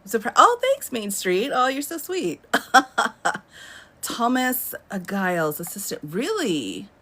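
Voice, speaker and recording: A woman's voice: mid-range voice, big pitch swings, slow pace, a bit bright. A woman in her thirties hosting a casual live stream from home, chatting and laughing often as she answers viewer comments. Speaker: livestream host.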